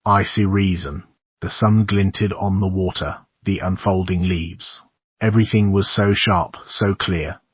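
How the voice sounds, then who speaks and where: Deep, husky horror narrator man. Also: steady tone, no room sound, muffled recording. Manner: measured, somber storytelling. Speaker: audiobook narrator.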